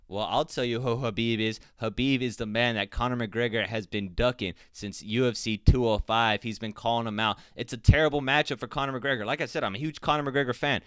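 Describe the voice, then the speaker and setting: A man's voice: medium pitch, a bit bright, clean tone, no room sound. Guy ranting about a fight, swears a lot, clean dry mic. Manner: blunt, profane, opinionated. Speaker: MMA commentator. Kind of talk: casual fight commentary vlog.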